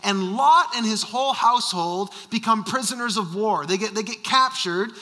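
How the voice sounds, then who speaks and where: A man who is a senior pastor preaching a sermon, shifting between emphatic bursts and quiet asides. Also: sits high, moderate pace, long reverb tail. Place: church sanctuary.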